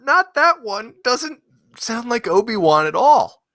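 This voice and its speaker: Lively teasing male podcast guest. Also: very high voice, takes it slowly, no echo. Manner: teasing, dry, laughs easily. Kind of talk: casual livestream chat.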